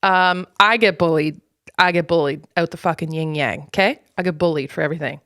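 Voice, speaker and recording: A woman's voice: deep voice, a little fast, fairly bright tone, no echo, studio quality. A young Canadian woman hosting her own podcast, rambling in a casual, profane, unfiltered solo monologue. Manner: casual, rambling with many fillers. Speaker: podcast host.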